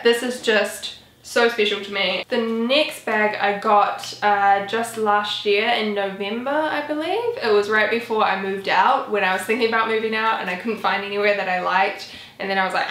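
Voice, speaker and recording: A woman's voice: mid-range voice, steady tone, normal speed, fairly bright tone. Chatty young woman in an echoey room. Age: 20s. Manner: chatty, rambling, full of "like" and "um". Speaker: vlogger. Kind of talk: casual chat.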